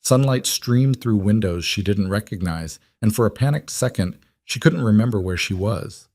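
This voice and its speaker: Guy narrating a drama story, low and even, dry sound. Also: moderate pace, dry recording.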